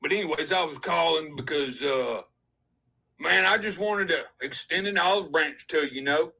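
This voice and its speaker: A woman caller with a smoky voice rambles and hesitates, as a man puts her on. Her voice sits a little high and comes across bright. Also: vocal fry, heavily acted, rough recording. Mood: rambling. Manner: rambling, halting.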